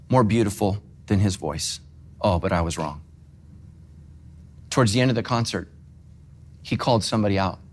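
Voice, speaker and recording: A middle-aged man preaching as pastor, moving between quiet, heartfelt moments and self-deprecating humor. His delivery is conversational rather than formal, with an emotional pull. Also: medium pitch. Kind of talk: sermon.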